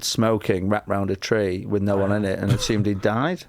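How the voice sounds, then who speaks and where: A man's voice: on the low side, little pitch movement, moderate pace, vocal fry, a little mellow, no room sound. A man, a comedian telling a rambling, self-mocking story as a podcast guest, laughing often. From Lancashire, England. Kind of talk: casual anecdote telling.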